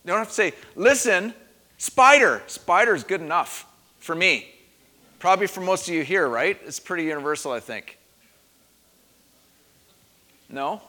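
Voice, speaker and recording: Preacher man with a bright voice. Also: on the high side, fairly quick. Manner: dramatic, varies loudness for emphasis. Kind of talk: sermon. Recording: long hall reverb.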